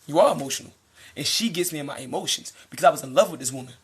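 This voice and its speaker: Young American man, lively slangy live-streamer, high and husky. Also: very fast. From United States. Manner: animated, slangy, preachy. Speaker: livestreamer. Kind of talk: casual live-stream monologue.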